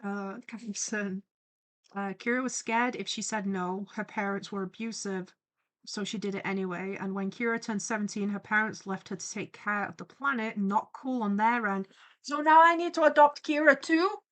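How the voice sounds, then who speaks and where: A woman streamer chatting on a live stream while animating, reading viewer comments aloud and reacting to them with excitement. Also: mid-range voice, normal speed.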